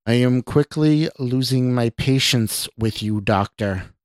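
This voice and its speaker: A man's voice: medium pitch, animated, unhurried, no echo, lightly acted. A man voicing a stern older male government official who speaks curtly and callously, in a story reading. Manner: curt, callous, growling. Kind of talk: audio drama reading.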